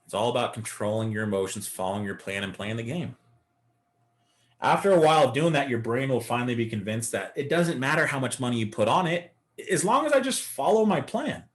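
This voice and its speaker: A man's voice: medium pitch, lively intonation, fairly quick. A man teaching a live beginner day-trading lesson, coaching and talking through chart examples. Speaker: trading instructor.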